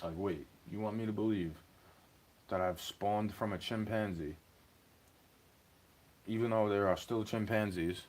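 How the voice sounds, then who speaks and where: A man's voice: fairly low pitch, steady tone, a little slow, pauses often, darkish tone. A young man ranting in a rambling, agitated monologue, swearing as he talks to a stream chat.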